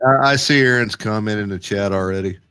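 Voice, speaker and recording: A man's voice: on the low side, fairly quick, pushed and bright, clear, resonant tone. A man co-hosting a casual talk show, laid-back and folksy, chuckling between remarks. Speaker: co-host. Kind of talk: casual chat.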